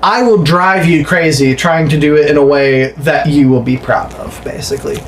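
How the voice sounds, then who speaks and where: A man's voice: a little high, moderate pace, slight background noise. A man co-hosting a casual podcast, telling stories animatedly and acting out the people he quotes. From West Virginia. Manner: animated storyteller, acts out quoted voices. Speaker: podcast co-host. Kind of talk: casual chat.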